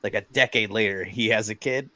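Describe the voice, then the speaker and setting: A man's voice: lowish voice, a little fast. A man co-hosting a casual show, telling profane stories and acting out what people said. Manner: animated storyteller, acts out quotes. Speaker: podcast co-host.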